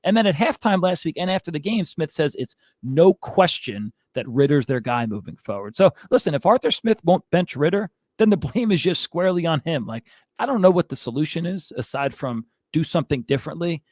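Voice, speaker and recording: Male host, fired-up exasperated rant, higher voice, dry close sound. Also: sing-song, a little fast, darkish tone, no room sound. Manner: fired-up, exasperated ranting with frequent asides. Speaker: fantasy football show host. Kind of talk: heated sports rant to a co-host.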